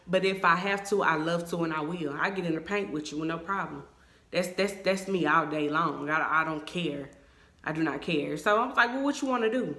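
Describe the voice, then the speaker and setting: Animated young woman telling a fight story. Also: sits low, normal speed. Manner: animated, emphatic storytelling to viewers. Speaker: vlogger. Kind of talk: storytime vlog. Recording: echoey room.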